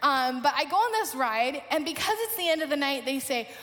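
A woman preaching a sermon, telling a personal story in a lively way and acting out the people in it. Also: high-pitched, a little fast, in a large hall. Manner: animated storytelling, acts out quoted voices.

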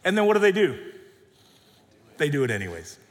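A middle-aged male pastor preaching a sermon with emphatic, dynamic delivery that swings between soft drops and loud rises. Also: fairly high pitch, huge pitch swings, fairly quick. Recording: long hall reverb.

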